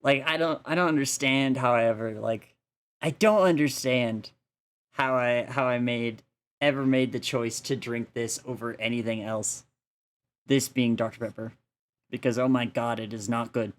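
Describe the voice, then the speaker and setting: A man's voice: medium pitch, steady tone, moderate pace. A man casually chatting on a live stream from his home setup into a standalone desk mic, rambling with lots of fillers and frequent laughter. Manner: rambling, laughs often, many filler likes.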